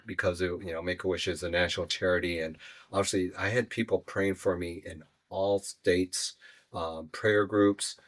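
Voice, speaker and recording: A man, a podcast guest, telling his personal story in an earnest, halting way, often pausing on "you know". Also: low-pitched, steady tone.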